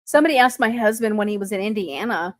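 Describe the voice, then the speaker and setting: A woman's voice: mid-range voice, fast, dry recording. A middle-aged woman with a Texan accent hosting a casual live chat, chatty and laughing often as she greets viewers. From Texas. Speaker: livestream host.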